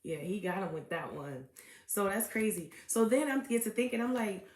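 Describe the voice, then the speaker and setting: A woman's voice: mid-range voice, moderate pace, darkish tone. A woman tarot reader talking in a casual, chatty vlog, full of "um" and "okay?" asides. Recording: echoey room.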